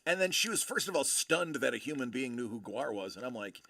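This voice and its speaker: A man hosting a casual livestream, telling stories in a loose, rambling way full of fillers. His voice has a gravelly fry at mid pitch. The sound is dry and close. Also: big pitch swings, brisk, bright, forceful tone, dry recording. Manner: rambling storyteller, many fillers. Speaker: show host.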